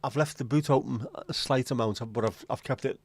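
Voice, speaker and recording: Man, livestream host, rambling jokey banter, mid pitch, dry close sound. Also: fairly quick, husky, no room sound. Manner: rambling, joking banter addressed to viewers. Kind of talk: casual livestream chat.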